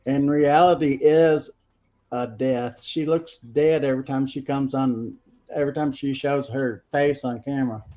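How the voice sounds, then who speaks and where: A man joining a livestream panel as a guest, teasing and talking in halting restarts. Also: medium pitch, fairly even intonation, dark tone. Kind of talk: casual livestream banter.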